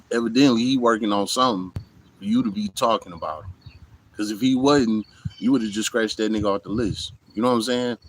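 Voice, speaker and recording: A vlogger talks casually to the camera outdoors in hot weather, his voice fairly low and the audio poor with slight background noise. He's blunt and profane and keeps saying "you know what I'm saying."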